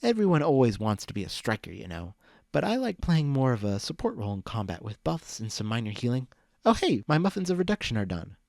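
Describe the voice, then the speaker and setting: A man's voice: medium pitch, big pitch swings, fairly quick, vocal fry, a little mellow, no room sound, studio quality. A man voicing a sweet, clever young mare who bakes and plays an alchemist, talking in a chatty, upbeat, nerdy way.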